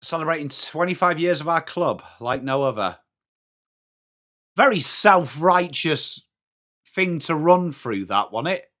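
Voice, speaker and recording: An English man hosts a live football watchalong, greeting his chat one name after another. His voice sits high and comes across bright and forceful, with the cheery, running patter of a regular streamer. It is starting to wear a little hoarse. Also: animated, a little slow. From England. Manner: chatty, upbeat, greeting viewers by name. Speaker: livestream watchalong host.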